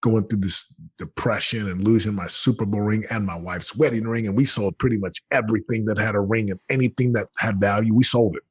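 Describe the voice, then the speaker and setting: A man in his thirties telling his story as a podcast guest, earnest and animated, often acting out what he said. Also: on the low side, fairly quick, few pauses, husky, dry recording, studio quality. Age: 30s. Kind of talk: candid storytelling.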